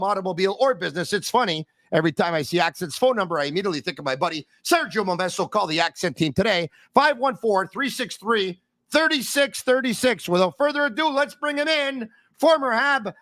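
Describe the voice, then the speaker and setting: High-pitched energetic sports podcast host. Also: male voice, no room sound. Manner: energetic, joking, emphatic. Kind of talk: casual sports talk with read ads.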